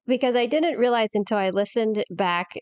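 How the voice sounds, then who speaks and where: A woman's voice: fairly high pitch, normal speed, darkish tone, clear, resonant tone, no echo. An American woman co-hosting a casual podcast chat, asking curious, playful questions. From United States. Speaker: podcast co-host.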